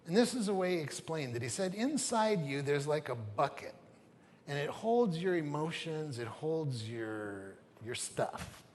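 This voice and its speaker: A man's voice: a little high, very animated, a little slow, darkish tone, a little hiss or hum. A middle-aged man preaching a sermon as a pastor, telling stories conversationally and with humor, in a church sanctuary. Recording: reverberant church hall with faint ambience.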